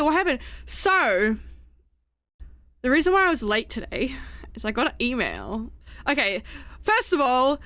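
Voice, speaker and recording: A woman live streamer chatting casually with viewers, excitable and giggly, with the hiccups. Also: high voice, smooth, dry recording. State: has the hiccups.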